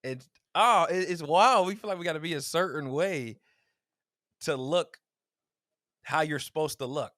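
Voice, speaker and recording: A man's voice: fairly high pitch, measured pace, pauses often, dry recording, clean studio sound. A man co-hosting a podcast, telling stories in casual chat and acting out the quotes he tells. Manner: animated storytelling, acts out quotes, laughs often. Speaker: podcast co-host.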